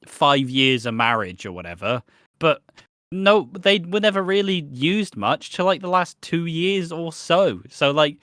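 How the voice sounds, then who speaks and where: A man's voice: on the high side, very animated, unhurried, fairly bright tone, dry recording, studio quality. A man co-hosting a podcast, rambling through a soap recap and swearing freely. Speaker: podcast co-host. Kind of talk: casual chat recapping a soap.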